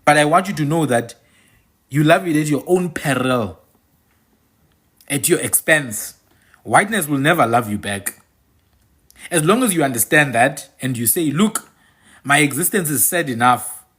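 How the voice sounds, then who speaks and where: A fairly high-pitched man with a South African accent and a husky edge, talking straight to his viewers. His pitch swings widely as he drives his points home, repeating lines for emphasis in an opinionated monologue. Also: animated, moderate pace, pauses often, a bit bright. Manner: emphatic, repeats phrases for effect. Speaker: channel host and commentator.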